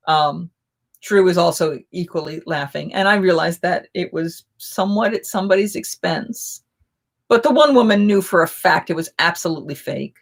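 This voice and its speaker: A woman hosting a casual live chat, telling rambling, animated anecdotes. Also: lowish voice, vocal fry.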